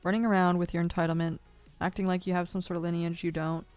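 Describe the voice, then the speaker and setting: A woman's voice: lowish voice, level tone, fast, a little mellow, clear, resonant tone, soft background music. Agitated woman ranting, cursing hard. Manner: agitated, heavy cursing, accusatory. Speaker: streamer. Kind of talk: ranting monologue. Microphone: studio dynamic mic.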